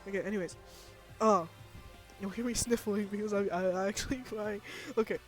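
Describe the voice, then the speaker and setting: A streamer reading a visual novel aloud and reacting with emotion, full of exclamations and laughter. The voice sits at a middle pitch. Quiet game music plays underneath. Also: steady tone, normal speed.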